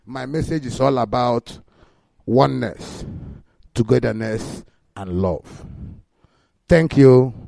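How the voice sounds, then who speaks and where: Brief: gravelly man, mellow tone, emphatic delivery, dry sound. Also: mid-range voice, takes it slowly, dry recording. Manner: emphatic, preaching-like, mixing Igbo and English. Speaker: speaker at a radio meeting.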